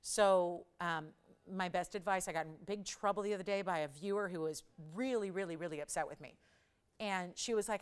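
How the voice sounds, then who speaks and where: A woman hosting a live jewelry shopping show, chatting and telling stories as she pitches a ring, laughing often. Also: brisk, clean tone. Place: TV studio.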